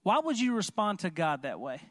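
A man preaching a sermon in an animated, conversational way, often asking the congregation questions. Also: sits high, normal speed, no echo, clean studio sound. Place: church.

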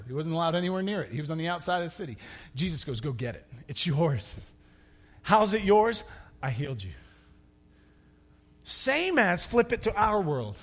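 A man preaching a sermon, moving from loud, urgent calls down to hushed, intimate lines. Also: a little high. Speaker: pastor. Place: church sanctuary.

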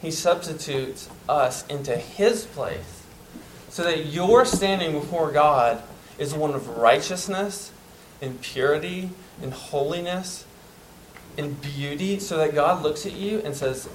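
A man preaching a sermon, earnest and emphatic, dropping to soft tones at tender moments. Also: a little high, takes it slowly, slight background noise, low-quality recording.

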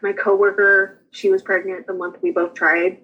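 A young woman, a guest on an interview show, chatting casually and quickly about her own experiences, often laughing as she tells them. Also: mid-range voice, flat delivery, lo-fi sound, slight background noise. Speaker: guest sharing her birth story. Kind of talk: casual personal storytelling.

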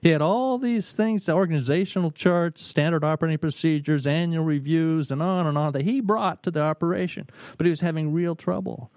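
A middle-aged man, a business consultant, telling stories in an emphatic talk, pausing often and repeating words. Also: a little high, a little mellow, no room sound. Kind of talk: storytelling talk.

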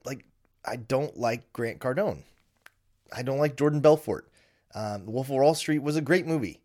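A man in his thirties hosting a casual solo podcast from his home basement, candid and self-deprecating, with frequent ums. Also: mid-range voice. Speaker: podcast host.

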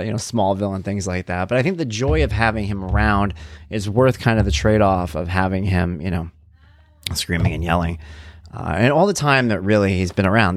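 A middle-aged man hosting his own podcast from home, talking in a relaxed, chatty monologue. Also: low-pitched, no echo. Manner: relaxed, conversational, chatty asides. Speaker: podcast host. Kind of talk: casual personal monologue. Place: home room.

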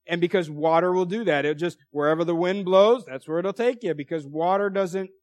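A man's voice: high voice, a little fast, dry recording. A middle-aged man preaching a sermon in a loose, conversational way, with frequent restarts and asides. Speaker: pastor.

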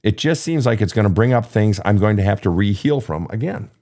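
A podcast host with a fairly low, brisk voice runs a live advice talk show, answering listener questions bluntly, emphatically and with plenty of profanity. He's animated, acting out emotional outbursts as he goes.

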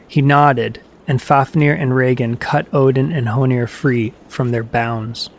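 A man reading a myth aloud as a storyteller, measured and even, lowering his voice slightly for the characters' quoted lines. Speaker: narrator. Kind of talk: storybook narration of myths.

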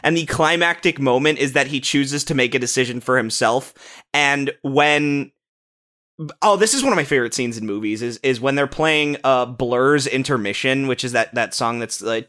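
A young man co-hosting a casual podcast, talking excitedly about a film, swearing often and restarting his sentences. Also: mid-range voice, moderate pace. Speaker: podcast co-host. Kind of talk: casual movie-review chat.

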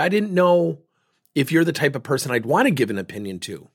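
A man's voice: fairly high pitch, sing-song, fairly quick, slightly rough. A man giving a talk, telling a story and acting out both sides of a conversation. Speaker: speaker on leadership and feedback.

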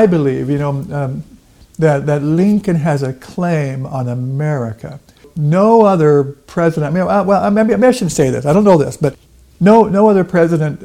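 Halting, stumbling man with a mellow voice. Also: on the high side. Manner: halting, many repeated words and fillers. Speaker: guest, Lincoln portrayer. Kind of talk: casual interview talk.

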